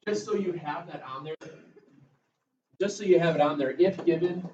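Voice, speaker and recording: A man's voice: fairly high pitch, normal speed, darkish tone. A male math teacher giving a classroom lecture, chatty and drifting into jokey asides. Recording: echoey classroom, mic far off, muffled, faint room noise.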